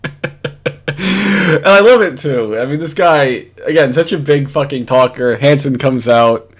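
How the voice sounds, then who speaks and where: A man's voice: on the high side, takes it slowly, breathy edge. Exasperated profane man ranting. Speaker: commentary host. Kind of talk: casual reaction commentary.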